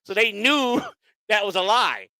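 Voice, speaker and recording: A man's voice: high-pitched, a little slow, clean tone, no echo, poor audio. A man hosting a casual online show, telling a long profane story and acting out the voices of the people in it. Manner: profane, animated, acts out quoted voices. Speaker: host.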